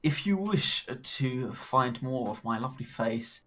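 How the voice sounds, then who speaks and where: A man co-hosting a podcast chats casually with a dry, joking edge. His voice is mid-pitched and ordinary, with nothing unusual about the sound. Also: expressive, unhurried, bright, forceful tone. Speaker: podcast co-host. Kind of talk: casual chat.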